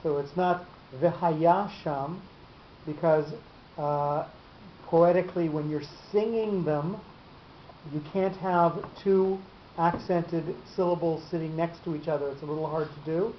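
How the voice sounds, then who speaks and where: Explaining cantillation marks in class, this Torah teacher keeps a steady tone in a voice on the high side. He halts often, tripping over repeated words and filling gaps, while the echoey room and muffled sound carry a light hiss.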